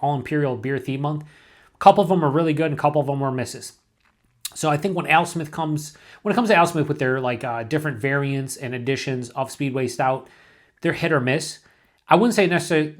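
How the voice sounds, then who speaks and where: Man, beer reviewer, casual monologue, rambling asides, slightly higher voice. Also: fairly bright tone. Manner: thinking aloud, rambling with restarts and asides.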